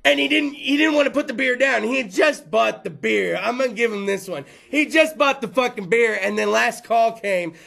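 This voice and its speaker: A man, hosting a live comedy show in front of a bar crowd, loud, rambling and crude as he riffs with the audience. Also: very high-pitched, moderate pace, creaky, hardly any pauses. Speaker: host.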